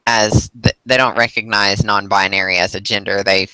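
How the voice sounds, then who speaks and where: A man speaking hesitantly in a casual livestream chat, pausing with fillers. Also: fairly low pitch, little pitch movement, bright, forceful tone, slight background noise, poor audio.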